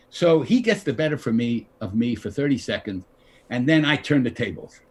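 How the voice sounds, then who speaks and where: An older actor telling a story over a video call, animated, acting out the lines of the people in his story. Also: medium pitch, normal speed, husky. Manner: animated, acts out quoted dialogue. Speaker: guest actor. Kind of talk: anecdotal storytelling.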